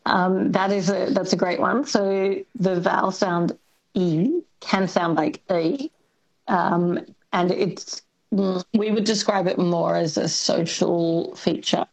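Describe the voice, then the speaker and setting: A woman linguist, explaining on talkback radio in a thoughtful, hesitant way with many pauses. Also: lowish voice, fairly even intonation, creaky, low-quality recording. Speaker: linguist guest.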